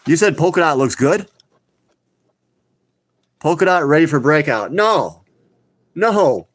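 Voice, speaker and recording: Blunt excitable man, dry close sound. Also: on the high side, slow pace, dry recording. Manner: blunt, excitable, scolds viewers as noobs. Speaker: crypto channel host. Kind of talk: live casual market talk.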